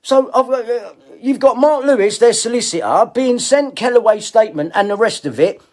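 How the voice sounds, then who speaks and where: A middle-aged male video blogger rants at people in a confrontational, swearing monologue, repeating himself. His voice is very high and expressive, at a normal speed.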